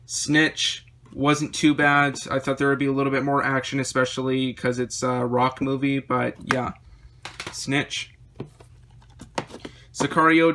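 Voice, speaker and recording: Guy going thru his movie shelf, kinda flat voice, bit hoarse, faint hiss behind. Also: medium pitch. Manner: rambling, listing titles with quick opinions. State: slightly losing his voice. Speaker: movie collection vlogger. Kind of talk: casual chat showing a collection.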